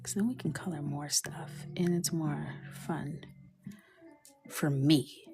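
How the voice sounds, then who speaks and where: A woman with a low voice talks slowly and playfully to herself and her viewers as she colors, now and then slipping into a whisper. Clear music plays under her voice the whole time. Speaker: coloring creator. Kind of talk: casual chat while coloring.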